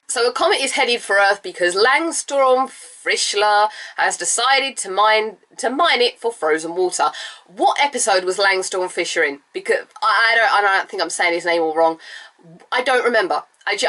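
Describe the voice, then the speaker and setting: A woman with a cold, slightly nasal and raspy, chatting casually as she recaps a TV episode, her pitch leaping up when she gets excited. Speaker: vlogger reviewing a TV episode.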